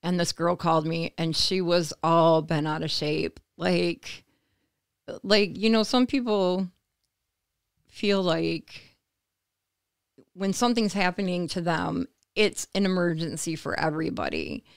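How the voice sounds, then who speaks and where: Interview guest: woman from the US, low gravelly voice, dry close sound, lively storyteller who acts out quoted lines. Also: a little slow, no room sound. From United States. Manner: animated, acts out quoted voices, laughs between phrases. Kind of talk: conversational storytelling.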